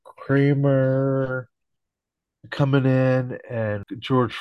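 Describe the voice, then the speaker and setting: A man's voice: mid-range voice, level tone, drawn-out words, heavy background noise. A man hosting a podcast, rambling casually through an episode recap and swearing. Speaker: podcast host. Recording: dry dull lo-fi mic.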